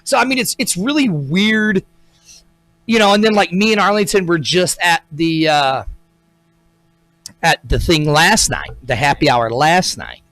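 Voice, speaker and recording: A man's voice: a little high, expressive, measured pace, a bit bright, dry recording. A man co-hosting a casual talk show, telling a rambling story with lots of restarts. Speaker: co-host. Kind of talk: casual chat.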